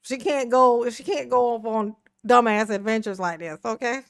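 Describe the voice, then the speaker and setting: A woman's voice: a little high, normal speed, clean tone, no room sound, clean studio sound. A woman hosting a casual commentary video, sassy and profane, laughing often as she reacts to a clip. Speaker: reaction channel host.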